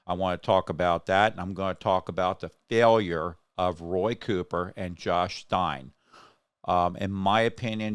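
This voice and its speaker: A man's voice: low-pitched, clear, resonant tone, no echo. A man hosting a casual political podcast, rambling and getting heated and indignant. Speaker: podcast host.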